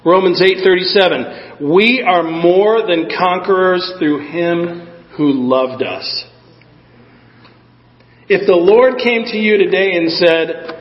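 A man's voice: a little high, measured pace, in a large hall, dull audio. A man preaching a sermon in a conversational way, often asking the congregation "Amen?". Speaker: pastor.

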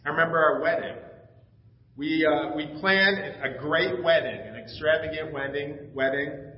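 A middle-aged pastor giving a personal testimony in a sermon, telling stories and acting out the dialogue with emotion. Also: male voice, a little high, measured pace. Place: church sanctuary. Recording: echoey, slightly dull church recording.

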